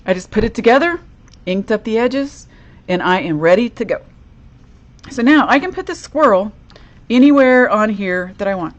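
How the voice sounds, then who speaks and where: A woman walks viewers through a craft project at her desk, chatty and upbeat. Her pitch sits in a middle range for a woman, and she speaks to the audience directly, step by step. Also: lo-fi sound. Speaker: crafting demonstrator. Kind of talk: live crafting demo.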